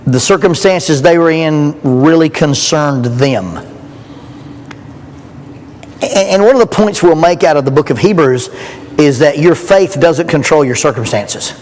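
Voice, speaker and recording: A man's voice: on the high side, a little slow, slight background noise. Folksy man preaching in a hall. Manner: folksy, joking, animated storytelling. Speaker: youth rally speaker. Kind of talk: storytelling sermon. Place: church hall. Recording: long hall reverb.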